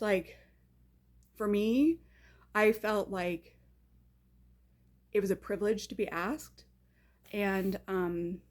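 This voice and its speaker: Chatty woman telling a personal story. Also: mid-range voice. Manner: chatty, full of "like" and "you know", quick asides; animated, reenacts her own reactions. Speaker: storyteller recounting a personal memory. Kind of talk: casual spoken storytelling.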